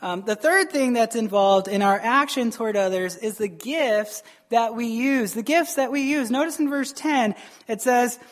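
Male pastor, conversational sermon, talks to the congregation like friends, throws in quick acted lines. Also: very high-pitched. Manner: chatty, keeps asking "right?" and acts out quick voices.

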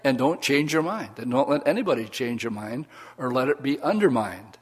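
A pastor preaching to his church congregation, a man of middle pitch who reads passages aloud and breaks off to talk plainly to his listeners. He urges them to call out responses as he goes. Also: expressive, moderate pace, slightly rough. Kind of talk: sermon.

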